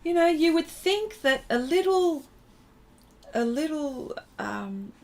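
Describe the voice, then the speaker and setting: A woman teaching a livestream painting demonstration, chatting with viewers as she works and pausing often to find her words. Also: sits high, expressive. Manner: chatty, reads and answers viewer comments while working; halting, many fillers and restarts. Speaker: art instructor.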